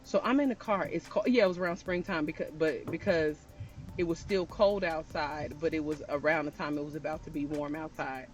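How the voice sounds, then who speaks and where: A woman's voice: low-pitched, fairly even intonation, a little fast, faint music behind. A woman telling a personal story in a chatty storytime style, talking straight to her viewers. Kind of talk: casual storytime.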